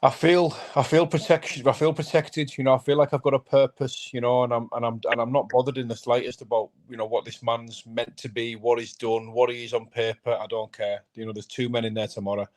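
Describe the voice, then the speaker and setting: A man speaks as a guest on a live chat. He is a fighter and talks in an intense, fired-up, sweary way. His voice sits in a middle pitch. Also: little pitch movement, brisk, few pauses. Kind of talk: casual live-stream chat.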